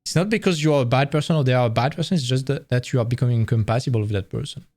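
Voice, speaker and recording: A man's voice: mid-range voice, rapid-fire, a little mellow, dry recording. A man giving a casual livestream presentation of career advice, blunt and candid, swearing freely and acting out quoted lines in a raised voice.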